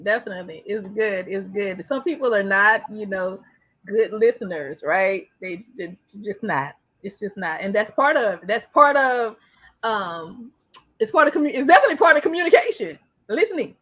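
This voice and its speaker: A woman hosting a casual interview, animated and quick to repeat herself, often checking in with tag questions. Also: medium pitch. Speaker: interview host.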